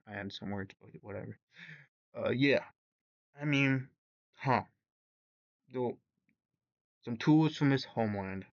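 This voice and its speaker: Slow, hesitant man on a dull dry mic. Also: mid-range voice, dry recording. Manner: hesitant, stumbling over words, many fillers. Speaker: YouTube reviewer. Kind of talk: casual commentary reading bios aloud.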